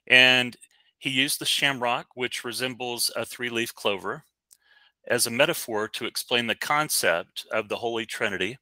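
A man's voice: mid-range voice, moderate pace, sharp tone, dry recording. A man co-hosting a casual podcast, talking in a chatty, rambling way with many fillers and restarts. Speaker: podcast co-host. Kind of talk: casual podcast movie review.

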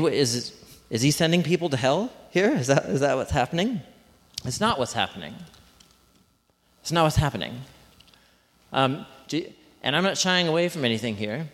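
A man preaching a conversational sermon to a congregation, often asking them questions. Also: a little high. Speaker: pastor. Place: church hall with congregation. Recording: long hall reverb.

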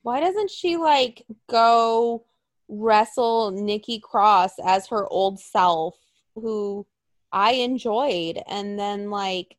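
A woman chatting casually as a co-host, animated and sarcastic, often laughing and acting out what others said. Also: mid-range voice, extremely slow, no echo. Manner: animated, sarcastic, acts out quotes in exaggerated voices, laughs often. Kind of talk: casual chat.

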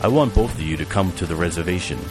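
A man voicing a grieving old man who speaks slowly and gravely. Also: deep voice, music in the background, close to an everyday voice. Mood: solemn.

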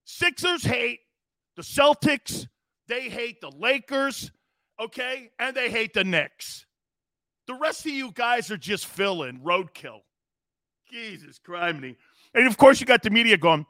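A man's voice: high-pitched, expressive, a little slow, pushed and bright, no room sound, studio quality. A man hosting a sports talk show, delivering a brash, mocking monologue. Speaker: sports radio host.

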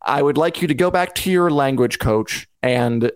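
A man's voice: medium pitch, normal speed, clear, resonant tone, no room sound, studio quality. A man co-hosting a show in casual chat, wry and playful, often restarting his words. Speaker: podcast co-host.

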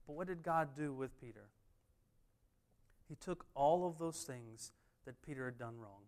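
A man's voice: mid-range voice, measured pace, darkish tone. A man preaching a sermon, driving points home with emphatic repeated refrains. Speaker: pastor.

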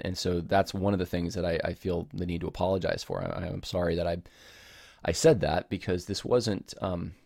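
A man's voice: low voice, vocal fry, a little mellow, no echo, clean studio sound. A man hosting a podcast alone, talking casually and apologetically, rambling and restarting his sentences as he explains himself. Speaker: podcast host. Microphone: home recording setup with camera.

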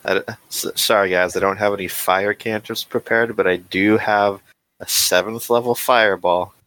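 Low-voiced hesitant man. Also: steady tone, normal speed, a bit bright, clear, resonant tone. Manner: hesitant, stumbles, uses fillers. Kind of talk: casual chat about a tabletop game.

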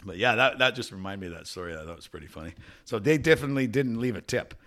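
A man's voice: lowish voice, animated, racing, a bit bright. A man co-hosting a podcast, telling a crude, laughing story in casual chat. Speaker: podcast co-host.

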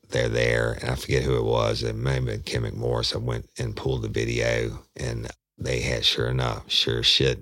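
A man with a drawl and an extremely deep, low voice tells an old case story in a loose, rambling way. He wanders off on side tracks and swears easily. The sound is close and dry, with no room echo. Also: vocal fry, a bit bright. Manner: rambling, detours into directions, swears casually. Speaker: detective recounting a case. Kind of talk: casual spoken storytelling.

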